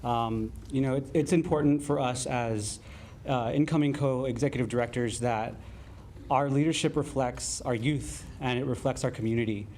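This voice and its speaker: A man speaking as an incoming co-executive director, giving earnest, measured remarks at an event. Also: medium pitch, a little mellow, a little hiss or hum.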